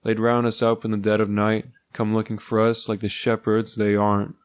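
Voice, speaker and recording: A man's voice: on the low side, monotone, normal speed, smooth, no echo. Dry, sardonic male narrator. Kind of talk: first-person story narration.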